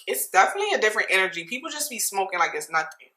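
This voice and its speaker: A young woman from New Jersey telling a casual storytime, chatty and animated, laughing often and talking to viewers directly. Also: mid-range voice, racing, reverberant, low-quality recording. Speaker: vlogger.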